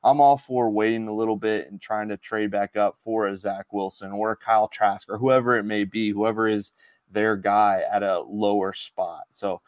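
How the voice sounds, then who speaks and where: This man has a fairly low voice and talks sports in a casual podcast chat. He drives his points home with emphasis and repetition. The sound is dry and close to the mic. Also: fairly even intonation, normal speed, no echo.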